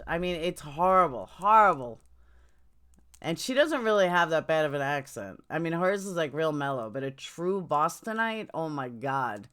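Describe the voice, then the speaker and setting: Lively New York woman, lowish voice. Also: normal speed, clear, resonant tone. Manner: chatty, blunt, jumps between topics. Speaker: livestream host. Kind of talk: casual livestream chat. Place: home, indoors.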